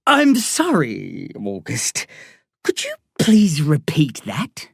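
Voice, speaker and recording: A woman voicing a menacing male crime boss who asks quiet, measured questions. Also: deep voice, wildly swooping pitch, gravelly, husky, no room sound, studio quality, full character voice. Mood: cold.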